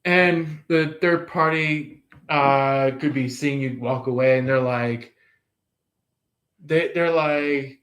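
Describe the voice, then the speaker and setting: A man's voice: mid-range voice, steady tone, slow, a bit bright. A man giving a casual tarot reading, rambling with many fillers and restarts. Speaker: tarot reader.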